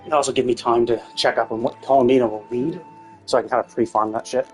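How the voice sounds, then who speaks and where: A woman's voice: extremely low pitch, steady tone, fast talker, a little mellow, faint music behind. A woman streamer giving live gameplay commentary, swearing often as she rants about the game in exasperation. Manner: profane, exasperated ranting.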